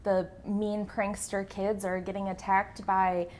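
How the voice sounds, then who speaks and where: Woman gushing about a horror movie on a podcast, middle pitch, faint hiss in the background. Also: flat delivery, unhurried, darkish tone. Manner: chatty and enthusiastic. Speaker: podcast co-host. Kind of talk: casual film discussion.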